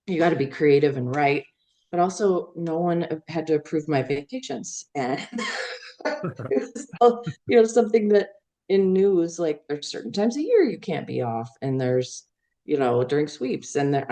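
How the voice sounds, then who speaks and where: A woman's voice: deep voice, darkish tone. A middle-aged woman from Iowa, a news executive, telling her career story in a rambling, casual way with fillers and laughs. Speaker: guest, veteran news executive. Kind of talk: casual interview chat.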